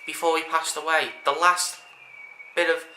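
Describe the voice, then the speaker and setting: A man's voice: fairly high pitch, little pitch movement, normal speed, sharp tone. A man talking casually to camera, earnest and rambling, often restarting his sentences. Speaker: vlogger. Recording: echoey room with faint background hiss.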